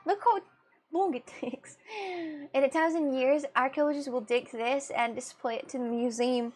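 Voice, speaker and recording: A young woman with a high voice talks at a normal speed while drawing on a livestream. She chats casually with her viewers, giggling often and reacting to their messages in chat.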